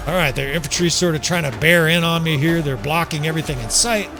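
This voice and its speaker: A man's voice: a little high, fast talker, vocal fry. A man giving casual strategy game commentary, joking and swearing as he plays, chuckling often. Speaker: gameplay commentator.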